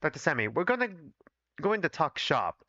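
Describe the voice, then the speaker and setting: Man playing a smug proper doctor, clipped remarks, bright tone. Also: fairly high pitch, very animated, normal speed, no room sound, highs cut off.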